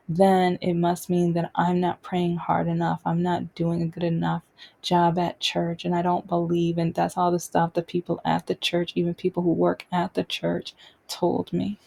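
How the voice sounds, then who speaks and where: A woman speaks in a dark, gravelly voice with a husky edge, keeping her pitch mostly flat. She talks unscripted and halting, often breaking off and restarting her sentences as she tells her own story. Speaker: podcast host sharing personal stories. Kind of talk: unscripted personal monologue.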